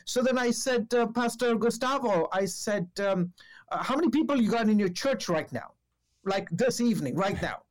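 A man's voice: expressive, normal speed. A man, a television reporter, telling a story in a casual podcast chat, with lots of fillers and restarts, and acting out the people he quotes. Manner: acts out quoted exchanges with raised pitch.

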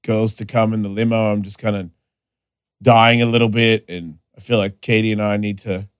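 A man in his forties, a podcast host, telling stories in crude, animated casual chat with loud voiced quotes. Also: fairly low pitch, moderate pace, clear, resonant tone, no room sound, clean studio sound.

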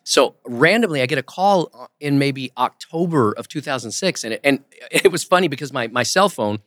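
Male guest, lively raconteur who mimics the people he quotes, dry close-mic studio. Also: mid-range voice, a little fast, dry recording. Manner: animated storyteller, acts out quoted voices. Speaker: guest, ventriloquist and impressionist. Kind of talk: casual interview storytelling. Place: podcast studio.

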